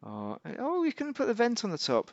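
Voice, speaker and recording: A man's voice: very high voice, huge pitch swings, a little fast, dry recording, lo-fi sound. A man giving casual, rambling gameplay commentary as a YouTuber, correcting himself and making wry asides. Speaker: gaming YouTuber.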